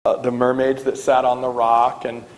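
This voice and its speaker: A man's voice: medium pitch, completely flat delivery, normal speed, low-quality recording. A man rambling hesitantly, full of ums, in a clip played back for review. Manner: meandering, hesitant, many ums. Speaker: speaker in a clip being reviewed. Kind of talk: rambling talk.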